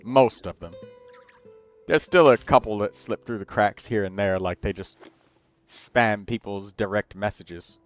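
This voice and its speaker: Chatty man streaming with faint music. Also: lowish voice. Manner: chatty, rambling, quick asides to chat. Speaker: livestream host giving game build advice. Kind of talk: casual livestream commentary.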